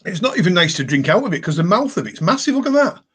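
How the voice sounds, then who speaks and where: A man's voice: sits high, quick pace, slight background noise. Ranting man on a live stream. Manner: ranting, animated, reads viewer comments aloud. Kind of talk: casual live-stream chat.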